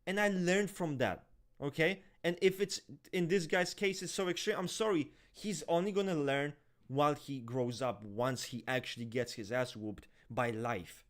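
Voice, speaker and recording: A man in casual podcast talk, ranting and swearing heavily in an animated way. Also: fairly high pitch, moderate pace. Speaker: podcast co-host. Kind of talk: heated casual discussion.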